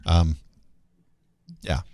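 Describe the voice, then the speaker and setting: A man's voice: extremely slow, mellow, no room sound, clean studio sound. A man hosting a live talk show, rambling and self-deprecating in casual chat. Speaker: show host.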